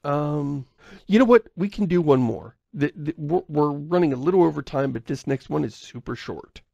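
A man's voice: fairly high pitch, expressive, normal speed, creaky, mellow, no echo, lo-fi sound. A man co-hosting a podcast in casual chat, rambling and correcting himself as he goes, often chuckling. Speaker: podcast co-host.

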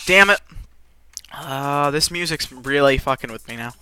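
A let's play gamer giving live commentary who rages and swears, with sudden yells between low muttering. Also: measured pace, clean tone, dry recording. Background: faint game music.

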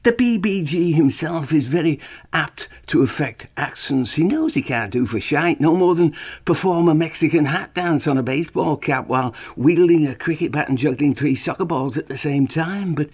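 A man from Yorkshire hosting his own show, talking in a deliberately phony Irish accent, theatrical and fond of wordplay, often repeating words. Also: on the high side, animated, a little mellow, breathy edge. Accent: phony Irish put on over Yorkshire. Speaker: podcast host. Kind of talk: rambling scripted monologue.

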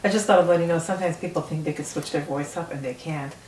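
A woman hosting an interview show, talking in a rambling, halting way. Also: deep voice, a little mellow. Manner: rambling, halting, lots of fillers. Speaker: host. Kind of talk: casual interview. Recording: echoey room, mic far off, faint noise.

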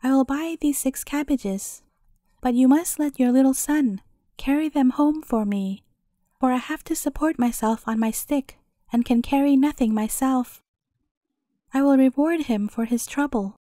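A cracked, croaking old witch, as a woman narrator puts her on. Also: sits high, warm tone, dry recording, clean studio sound. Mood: menacing. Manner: slow, grim muttering. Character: ugly old witch woman, rude and menacing.

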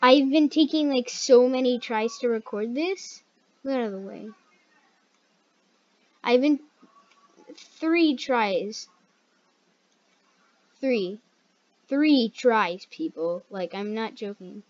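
A woman hosting a gaming video, chatting casually through the play, chatty and excitable and yelping when startled. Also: a little high, slow pace, pauses often. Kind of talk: casual gameplay commentary. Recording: dull lo-fi recording.

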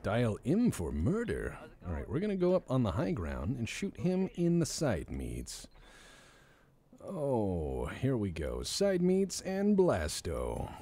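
A man's voice: fairly low pitch, huge pitch swings, measured pace, mellow, a little hiss or hum. A man streaming a video game, giving casual, joking commentary and talking to himself as he plays. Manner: joking, rambling, talks to himself.

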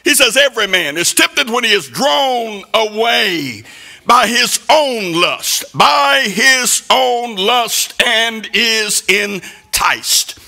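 Fiery, bright-voiced preacher man. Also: very high voice, expressive, slow pace, vocal fry. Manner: impassioned, sing-song preaching with shouted peaks. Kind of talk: sermon.

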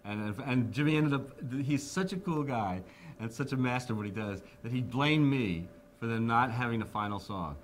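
A man's voice: medium pitch, normal speed, a little hiss or hum. Man in his fifties telling stories. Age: 50s. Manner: animated, acts out quoted people, chuckles. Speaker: interviewee. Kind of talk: anecdotal interview storytelling.

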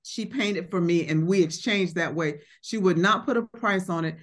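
A woman's voice: fairly low pitch, normal speed. A middle-aged woman, an art collector, telling a reflective story in conversation, with fillers and acted quotes.

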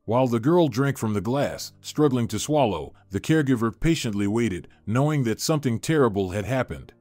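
A man narrating a dramatic family story in an even, measured storytelling manner. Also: mid-range voice, no echo. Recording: dry voice with faint music.

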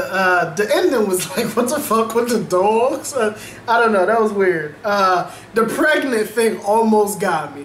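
A man's voice: sits high, a bit bright. A young man YouTuber wrapping up a video in loose, chatty talk, addressing viewers as y'all. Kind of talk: casual vlog wrap-up talk. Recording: echoey room with faint noise.

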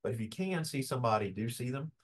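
A man giving a casual, calm webinar lecture over a video call. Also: medium pitch, fast. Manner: folksy, conversational, calm tone. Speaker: business law presenter. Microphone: video call webcam.

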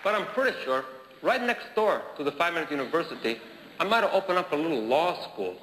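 A deadpan joker with a put-on Italian accent, played by a comedian in dry comic patter. His voice sits a little high. The clip rings with long hall reverb, carrying noise and bursts of audience laughter. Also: fast. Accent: fake Italian. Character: deadpan Italian-accented man pitching a silly school.

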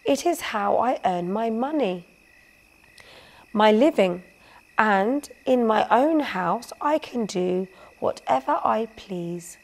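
A woman's voice: on the high side, expressive, takes it slowly, exaggerated voice. A woman voicing a stubborn, proud male weaver in a storybook, firm and dismissive.

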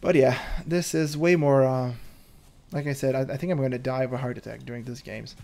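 A man's voice: medium pitch, fairly even intonation, fairly quick, creaky, mellow, soft background music. Chatty nervous man narrating his gameplay. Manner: chatty, nervous laughs, thinks aloud. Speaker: gameplay commentator. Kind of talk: casual gameplay commentary.

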